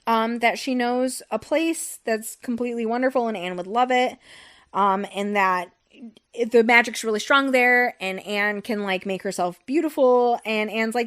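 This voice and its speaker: Chatty young woman, slightly high voice. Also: moderate pace, a bit bright, clear, resonant tone. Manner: rambling and profane, with many fillers like "like" and "um". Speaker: podcast host recapping a novel. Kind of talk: casual chat.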